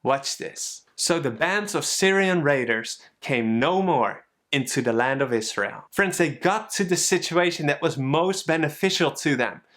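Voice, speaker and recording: A man giving a conversational sermon, retelling a story in a lively, storytelling way. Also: a little high. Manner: storytelling, animated, conversational preaching. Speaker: pastor.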